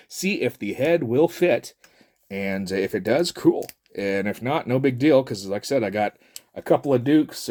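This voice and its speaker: A man's voice: mid-range voice, darkish tone. A middle-aged man, chatting casually and jokily as a toy reviewer, rambling with lots of fillers. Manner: rambling and jokey, with many fillers. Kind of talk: casual chat.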